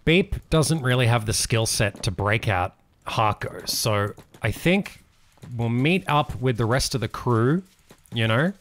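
A man hosting a gaming channel, giving excitable let's play commentary and laughing often. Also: mid-range voice, measured pace, slight background noise. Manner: excitable, laughs often, yells when things go wrong.

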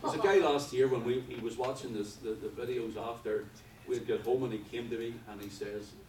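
A man preaching a sermon with fervor, swinging from quiet talk to loud passages. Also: mid-range voice, fairly quick. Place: church hall. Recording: echoey hall from far off with background noise.

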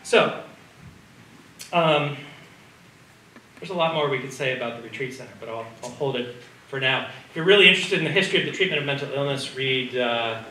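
A man gives a slide lecture in a relaxed, conversational way and often asks the audience questions. His voice is bright. He is heard from across an echoey room with a faint hiss underneath. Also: mid-range voice, a little fast, pauses often. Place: community hall or lecture room. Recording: roomy sound from a distance, faint background noise.

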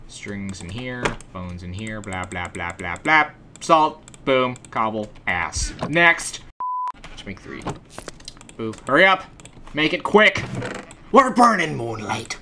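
A man hosting a let's play, talking to himself and swearing excitably as he plays. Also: on the low side, slow pace, background noise. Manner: profane, excitable, talks to himself. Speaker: gaming channel host. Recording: keyboard clicks and typing behind.

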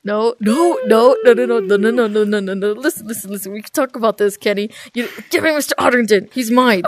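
A woman giving let's play commentary, talking back to a game character with loud exclamations, scolding, frequent laughter and swearing. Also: fairly high pitch, fairly quick, hardly any pauses, dry recording. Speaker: gaming video creator.

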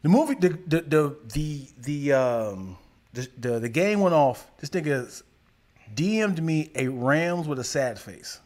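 A middle-aged man co-hosting a podcast, chatting playfully and laughing easily as he tells his stories. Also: a little high. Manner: playful, expressive, quick to laugh. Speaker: podcast co-host. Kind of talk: casual chat.

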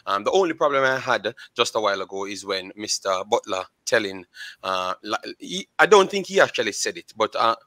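Bright-voiced Jamaican man, earnest. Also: fairly low pitch, expressive, dry recording. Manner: earnest, halting with fillers. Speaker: guest. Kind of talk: panel discussion.

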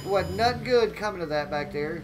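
A man live-streaming a police game, joking loudly and thanking viewers by name. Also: sits high, expressive, fairly quick, noisy background.

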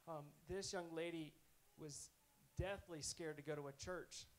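Higher-voiced male preacher telling a story. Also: fairly even intonation, unhurried, poor audio. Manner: conversational, earnest, self-correcting. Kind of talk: sermon storytelling.

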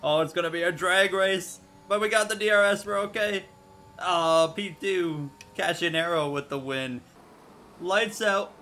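A young man commentating his own online racing game, excitable, yelping and groaning as the race goes wrong. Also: sits high, unhurried, a little hiss or hum. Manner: excitable, yelps and groans at crashes. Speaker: gaming YouTuber.

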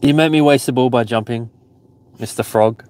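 A man's voice: medium pitch, normal speed, darkish tone. A man streaming a live mobile game outdoors, chatting casually, teasing and reading the chat aloud. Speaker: Pokemon GO streamer.

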